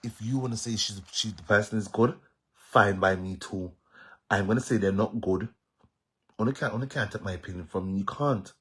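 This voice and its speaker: A man's voice: lowish voice, a little fast, a bit bright, breathy edge. A man with a Jamaican accent talking straight to his viewers in a casual monologue, emphatic and repetitive, standing firm on his opinions. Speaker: social media commentator.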